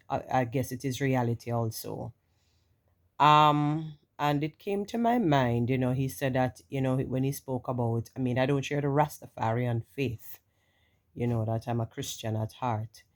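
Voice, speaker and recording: A Jamaican-accented woman vlogger talks to camera in a casual, rambling monologue, peppered with "you know"s for her followers. Her naturally deep voice is froggy and rough from the morning, with a darkish tone.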